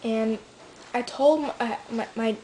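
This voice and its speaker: A woman's voice: on the high side, slow, warm tone, slight background noise, rough recording. A teenage girl telling a rambling vlog story, full of fillers and restarts. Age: teens. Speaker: vlogger.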